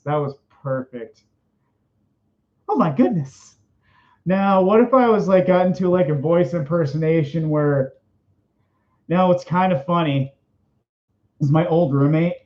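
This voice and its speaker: Rambling, chatty male host, slightly high voice, lo-fi audio. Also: a little mellow. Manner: rambling, self-interrupting, chatty. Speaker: streamer answering questions. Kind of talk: casual chat. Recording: dull lo-fi sound.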